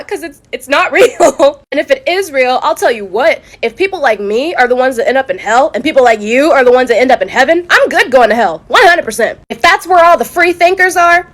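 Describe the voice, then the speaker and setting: Young woman, vlogger, blunt commentary, profane, mocking, slightly high voice. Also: animated, a little fast, hardly any pauses. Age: young adult. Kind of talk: casual opinionated commentary.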